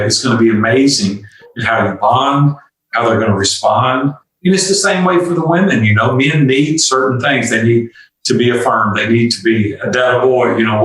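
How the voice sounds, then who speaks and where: Older male guest, confessional storyteller, mid-pitch, recorded off-mic in a reverberant room. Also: a bit bright, recorded from a distance. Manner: earnest, confessional, acts out dialogue. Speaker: guest entrepreneur. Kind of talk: candid storytelling interview.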